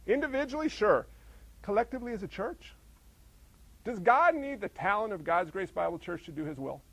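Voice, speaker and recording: A male pastor preaching a sermon, full of rhetorical questions and swinging between emphatic and hushed delivery. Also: sits high, very animated, moderate pace, gravelly, no room sound, low-quality recording.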